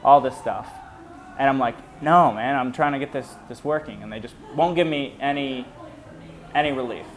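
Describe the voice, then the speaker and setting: Casting: man in a casual interview, animated storyteller who acts out others' lines, faint background noise. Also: medium pitch, moderate pace. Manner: animated, acts out quoted voices. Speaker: moped club member.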